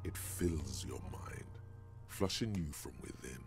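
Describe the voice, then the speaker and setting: A grim, deliberate game narrator speaks in an extremely low, gravelly tone. Each line is scripted and unhurried, with faint music underneath. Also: male voice, expressive, exaggerated voice.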